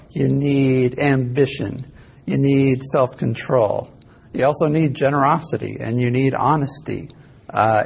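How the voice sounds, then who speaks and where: Man, college instructor, rambling classroom lecture, gravelly, husky voice. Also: mid-range voice, a little mellow. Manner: casual, rambling, self-correcting.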